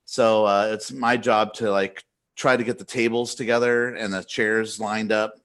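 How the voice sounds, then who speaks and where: A man co-hosting a casual podcast, retelling a story in a rambling, animated way with many restarts. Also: on the low side, normal speed. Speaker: podcast co-host.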